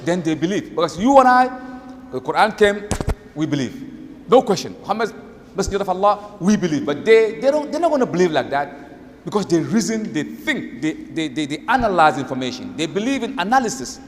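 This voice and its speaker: A male Islamic lecturer giving a religious lecture, telling stories in an emphatic, animated way and repeating words for emphasis. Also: high-pitched, fairly quick. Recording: reverberant hall, faint noise.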